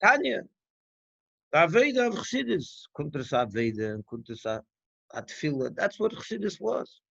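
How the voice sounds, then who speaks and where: A man's fairly high voice with a lilt, talking through a teaching session in a loose, conversational way. He keeps firing off rhetorical questions and circling back to restart his thoughts. The recording sounds dull and dry. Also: sing-song, normal speed, gravelly, a bit bright, dry recording. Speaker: rabbi. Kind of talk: farbrengen talk.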